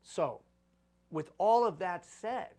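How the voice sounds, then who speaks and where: A man's voice: high-pitched, animated, slow, a little mellow. A man giving a live conference talk on leadership, preaching with repeated phrases for emphasis.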